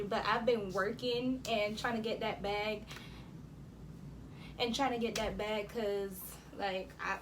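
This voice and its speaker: Against a noisy background, an eighteen-year-old Jamaican woman speaks in a slightly high voice. She's a vlogger casually telling a story to camera, chatty and full of fillers such as "um" and "like."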